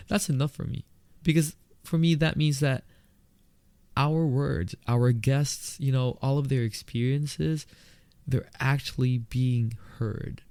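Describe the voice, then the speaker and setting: A young man with a lisp, made stronger by retainers, hosting his own podcast in a candid, excitable way. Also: medium pitch, no echo. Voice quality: lisp, more pronounced with retainers in. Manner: excitable and candid, laughs, quick asides. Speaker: podcast host. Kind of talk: solo podcast monologue. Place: indoors, filmed on camera.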